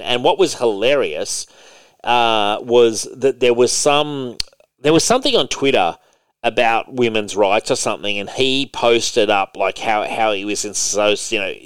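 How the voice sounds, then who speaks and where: A man's voice: medium pitch, clear, resonant tone, no echo. A man co-hosting a casual podcast chat, rambling with lots of fillers and restarts and swearing freely. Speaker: podcast co-host.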